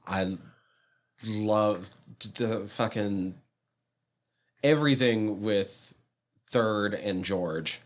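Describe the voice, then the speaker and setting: A man co-hosting a podcast in casual chat, relaxed, laughing often and pausing with fillers. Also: on the low side. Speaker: podcast co-host.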